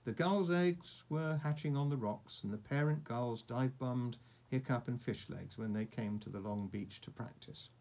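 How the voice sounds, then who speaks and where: A man reading a storybook aloud to a child, pausing for asides about the pictures. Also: medium pitch. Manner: warm asides, chuckles at the pictures.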